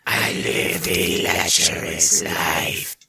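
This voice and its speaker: A possessing demon, a damned male soul speaking through a girl. The voice drags very slowly, deep and gravelly with a bright edge, and faint noise sits behind it. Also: completely flat delivery, exaggerated voice. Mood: sinister. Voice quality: low gravelly growl, halting. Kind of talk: podcast reenactment.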